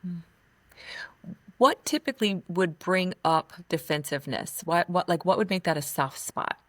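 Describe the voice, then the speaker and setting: A woman's voice: fairly low pitch, moderate pace, dry recording. A woman hosting a podcast interview, affirming her guest and asking questions. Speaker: podcast host.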